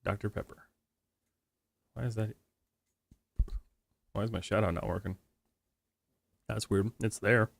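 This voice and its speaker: Gravelly chatty man streaming live. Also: fairly low pitch, fairly even intonation, measured pace, long pauses. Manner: rambling, joking, reads chat aloud. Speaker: livestreamer. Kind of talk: casual live-stream chat. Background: music playing on stream.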